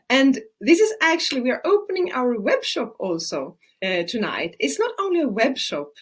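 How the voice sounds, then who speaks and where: A middle-aged woman from Sweden, a native Swedish speaker, hosting a webinar as an Ayurvedic practitioner, chatty with many fillers. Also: fairly high pitch. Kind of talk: casual webinar talk.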